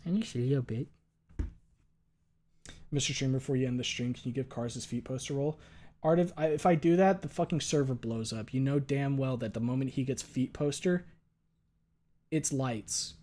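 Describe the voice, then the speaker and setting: A man's voice: medium pitch, moderate pace, pauses often, warm tone. A man streaming and chatting casually, joking around, swearing freely and reading viewer messages aloud. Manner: joking, profane, reads chat aloud. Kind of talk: casual livestream chat.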